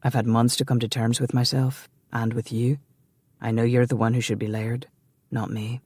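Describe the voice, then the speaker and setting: A man voicing a proud, scheming Scottish man who speaks low, heavily and with a sneer. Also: flat delivery, normal speed, darkish tone, breathy edge, no echo. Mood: earnest.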